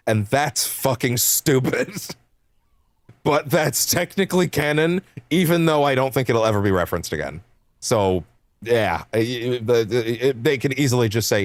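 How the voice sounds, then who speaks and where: A young adult man streaming games, chatting casually in a rambling, animated way, laughing often and swearing freely. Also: mid-range voice, unhurried, no room sound. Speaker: game streamer. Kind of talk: casual chat while livestreaming.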